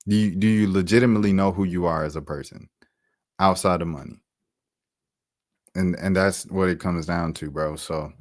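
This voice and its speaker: Deep-voiced man, casual commentary. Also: no room sound, clean studio sound. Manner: animated, repetitive, conversational. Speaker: commentary channel host.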